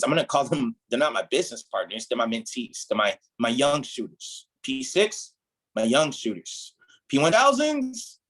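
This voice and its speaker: A man's voice: fairly high pitch, a bit bright, poor audio. A man leading a motivational training talk for his team as their mentor, emphatic and preachy, often checking in with "right?". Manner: emphatic, repeats "right?", preachy build-ups.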